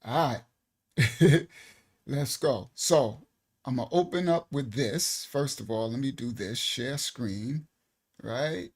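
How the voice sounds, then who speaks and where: Speaking slowly in a husky, mid-range voice, this man runs an informal Bible lesson over a live stream. He keeps things relaxed and conversational, often saying "all right" and laughing, and his desk mic picks it all up.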